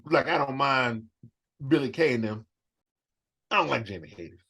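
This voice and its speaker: A man co-hosting a comedic wrestling podcast, joking loudly and swearing freely. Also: medium pitch, expressive, moderate pace, husky. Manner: loud, profane, joking. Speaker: podcast co-host. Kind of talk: casual comedy chat.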